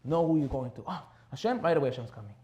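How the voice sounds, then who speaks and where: With a medium-pitched voice and rapid-fire delivery, a rabbi gives a sermon built around animated stories. Repetition of key phrases drives his emphasis.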